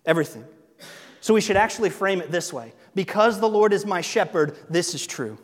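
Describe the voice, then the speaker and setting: A middle-aged man preaching a sermon as pastor, in a lively, conversational way with jokes and laughs. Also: sits high, fairly quick. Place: church sanctuary. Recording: long reverb of a large hall.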